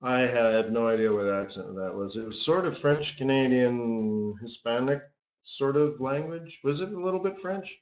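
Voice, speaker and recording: Speaking at medium pitch and a normal speed, a man coaches traders during a live stream. He keeps things loose and jokey, frequently adding "right?" to his sentences. Sound quality is lo-fi, dull, and echoey.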